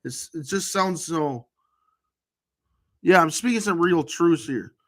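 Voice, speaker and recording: A man's voice: on the high side, slow pace, a bit bright. A man vlogger talking in a rambling monologue to camera, full of restarts and trailing fillers.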